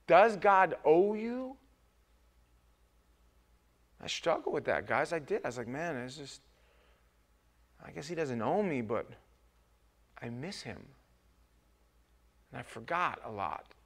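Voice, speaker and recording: A man's voice: medium pitch, lively intonation, a little slow, long pauses, fairly bright tone. A man preaching an informal, joking sermon as pastor in a church, often restarting his sentences. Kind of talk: conversational sermon. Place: church sanctuary.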